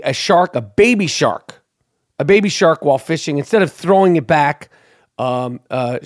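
A man hosting a show, giving a crude, sarcastic, animated rant about odd news stories. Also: on the high side. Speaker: show host. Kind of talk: profane comedic news rant.

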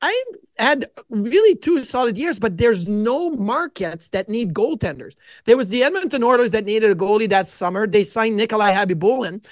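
A middle-aged man, a podcast guest, telling stories in an animated way and acting out his own quotes. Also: sits high, moderate pace, dry recording. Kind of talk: casual storytelling interview.

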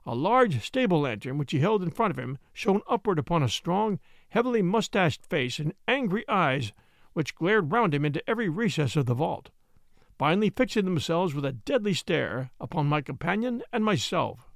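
A man narrating a classic detective story in an expressive, dramatic way. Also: a little high, moderate pace, creaky, no room sound, clean studio sound. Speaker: audiobook narrator.

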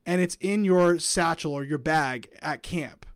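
A man's voice: fairly high pitch, measured pace, smooth, dry recording, clean studio sound. A man co-hosting a podcast, chatting casually and thinking aloud with plenty of hedges. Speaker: podcast co-host. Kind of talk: casual recap chat.

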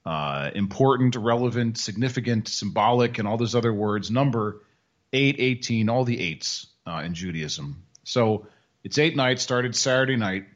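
A man's voice: medium pitch, expressive. Wry man on a dull lo-fi podcast. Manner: wry, joking, drawn-out explanations. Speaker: podcast co-host. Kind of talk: casual chat.

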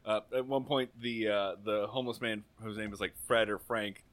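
A man's voice: fairly low pitch, moderate pace. A man co-hosting a casual podcast chat, recapping a TV episode with swearing and hammy put-on lines. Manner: animated and swearing, acts out lines hammily. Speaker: podcast co-host.

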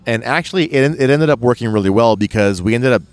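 A man's voice: medium pitch, expressive, quick pace. A man casually telling a long off-road trip story, rambling with lots of restarts and fillers.

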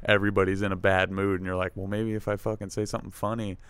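A young man from Virginia, a comedian guest, chatting relaxed with lots of "like" and casual swearing. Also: deep voice, fast talker, clear, resonant tone, no room sound. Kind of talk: casual chat.

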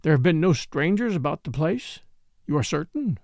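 A man's voice: on the high side, very animated, normal speed, gravelly, a little mellow, dry recording, studio quality. A man voicing a suave scheming French count. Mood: smooth, calculating.

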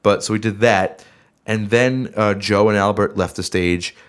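A man's voice: fairly low pitch, fairly even intonation, a little slow, smooth. A middle-aged man hosting a casual podcast, rambling and interrupting himself as he tells band stories, a little worn from being sick. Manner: rambling, self-interrupting storyteller. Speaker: band member and podcast host. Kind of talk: casual chat.

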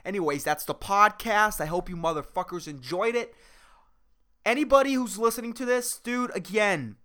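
Guy doing a solo podcast rant, bright edgy voice, super clear, swears a lot, rambles. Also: high-pitched, normal speed. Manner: rambling, profane, jokey. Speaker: podcast host.

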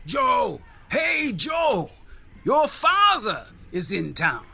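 A man's voice: high-pitched, very animated, slow pace, bright, forceful tone, husky, pitched above the performer's own voice, exaggerated voice. A man voicing a teasing village carpenter who calls out in a taunting way in a storybook reading.

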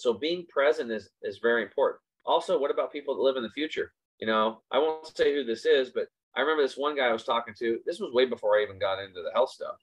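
A man hosting a casual motivational talk, speaking emphatically and repeating his points for stress. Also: mid-range voice. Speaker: host. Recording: slightly dull lo-fi recording.

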